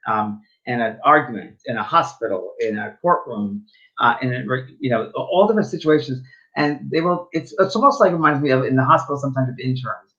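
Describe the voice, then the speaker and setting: A man's voice: mid-range voice, lively intonation, fairly quick, fairly bright tone. Man telling stories on a dull lo-fi line. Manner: rambling anecdotes with many fillers and restarts. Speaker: spiritual medium co-host. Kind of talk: casual storytelling chat.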